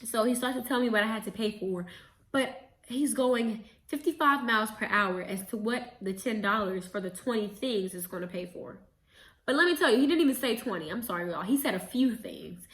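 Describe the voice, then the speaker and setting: A young adult woman casually retelling a story as a vlogger, chatty and animated, with quick self-corrections. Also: on the high side. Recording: roomy echo.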